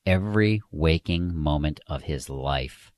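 A man voicing a store salesman who talks in a calm, measured, soothing way. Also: a bass voice, dry recording, voice pushed down.

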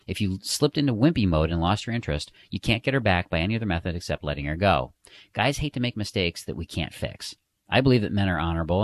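Deep-voiced man giving emphatic advice. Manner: emphatic, motivational, direct. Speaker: dating advice coach. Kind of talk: scripted instructional narration.

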